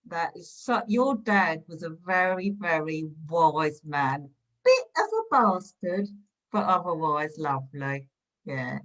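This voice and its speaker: A woman's voice: low voice, big pitch swings, slow pace, fairly bright tone, full character voice. A woman playing a passive-aggressive stamp collector in an improvised comedy scene, gushing sweetly before slipping into insults. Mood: chatty. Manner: gushing praise that sours into insults. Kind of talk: improvised comedy scene over video call. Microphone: video call.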